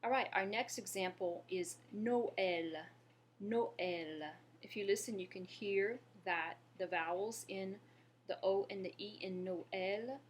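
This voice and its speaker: A woman giving an online French lesson, patiently modeling words and pausing for the listener to repeat them. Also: mid-range voice, slight background noise. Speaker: French teacher.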